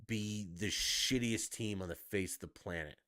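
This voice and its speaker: A man's voice: fairly low pitch, normal speed, bright, forceful tone, no room sound, studio quality. A man on a live stream, ranting heatedly with heavy profanity about his sports team. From Denver.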